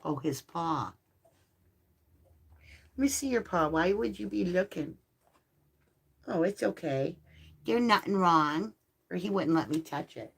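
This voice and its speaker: A woman's voice: fairly low pitch, animated, a little slow, creaky, pauses often, slightly rough. A middle-aged woman hosting a live tarot stream, chatting casually with viewers and cooing baby talk at her dogs.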